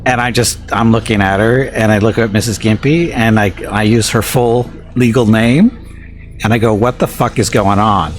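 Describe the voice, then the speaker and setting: A man with a fairly low voice chats casually on a live stream from his home setup, telling a long anecdote in a loose, rambling way, full of false starts and quiet chuckles. Faint music plays underneath. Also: steady tone, normal speed. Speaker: game streamer. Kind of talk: casual chat.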